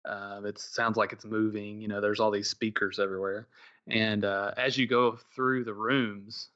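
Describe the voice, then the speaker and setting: A man's voice: on the low side, flat delivery, normal speed, pushed and bright. Man telling a rambling story, lo-fi. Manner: rambling storyteller, many fillers and restarts. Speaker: podcast co-host. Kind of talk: casual chat.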